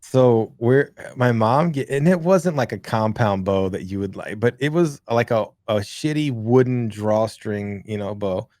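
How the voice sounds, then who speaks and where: A man co-hosting a podcast, telling a childhood story in a rambling, profane, animated way. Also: lowish voice, a little slow, hardly any pauses, dry recording, studio quality. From rural. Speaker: podcast co-host. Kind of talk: casual storytelling chat.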